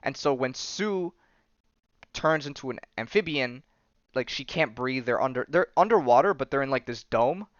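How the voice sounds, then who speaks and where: A podcast host recapping comics talks in a medium-pitched, animated voice at a moderate pace. His casual chat rambles with fillers and restarts, and the dry recording has its highs cut off.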